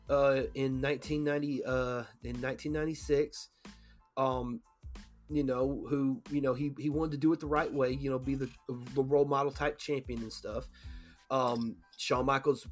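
Loose, swearing male podcast host. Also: mid-range voice. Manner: loose, swearing, acts out quoted lines. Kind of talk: casual podcast chat.

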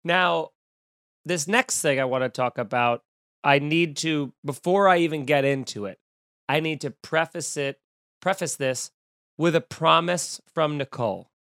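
Male podcast host, comedic and animated, dry close mic. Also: on the high side, measured pace, no room sound. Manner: animated, jokey storytelling with sudden loud outbursts. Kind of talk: casual comedic podcast chat.

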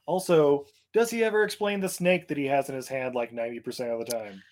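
A man's voice: mid-range voice, quick pace, darkish tone. A man co-hosting a casual movie podcast, recapping scenes with lots of fillers and laughter. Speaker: podcast co-host. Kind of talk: casual movie review chat.

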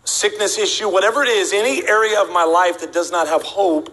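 A man preaching to a congregation in a bright, somewhat high voice, full of energy. He tells funny stories and slips into the voices of the people in them. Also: brisk, rough recording. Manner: animated, acts out voices of people in his stories. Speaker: guest preacher. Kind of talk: humorous sermon storytelling. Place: church sanctuary before a congregation.

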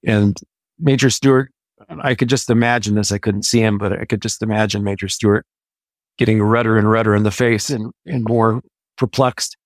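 An American man in his sixties, an Army veteran, telling stories from his service in a measured, anecdotal way. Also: fairly low pitch, fairly even intonation, dry recording. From United States. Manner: measured, anecdotal, with occasional restarts. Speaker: interview guest, Army veteran. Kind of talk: conversational storytelling.

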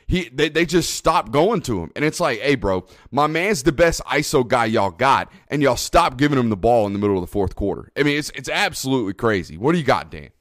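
A man hosting a podcast in casual chat, animated and profane with lots of hype. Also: mid-range voice, fairly quick, hardly any pauses, dry recording, clean studio sound. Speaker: podcast host.

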